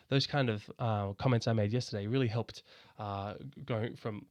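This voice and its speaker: Man explaining calmly, dry sound. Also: fairly low pitch, normal speed, dry recording. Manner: conversational, many restarts and stammered repeats. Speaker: educator explaining psychosis first aid. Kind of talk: casual spoken explainer.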